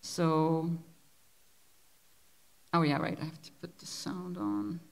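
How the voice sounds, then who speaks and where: Relaxed Belgian-born woman giving a talk. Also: low voice, slow pace, gravelly. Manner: relaxed, reflective, often repeats words as she searches for them. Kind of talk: conversational lecture.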